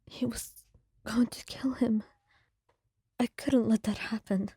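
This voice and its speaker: A woman voicing a dying, gentle partner in a faint, weak whispered role-play. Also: on the high side, fairly even intonation, slow, breathy edge, no room sound, clean studio sound, heavily acted. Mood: fading.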